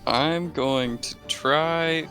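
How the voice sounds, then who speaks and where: A man playing a tabletop game, talking casually in a slow, halting way. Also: fairly high pitch, sharp tone, soft background music. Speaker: player.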